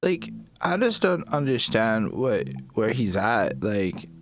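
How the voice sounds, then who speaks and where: A man's voice: fairly low pitch, sing-song, slow. A man co-hosting a podcast, asking puzzled questions in laid-back casual talk. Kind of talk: casual chat.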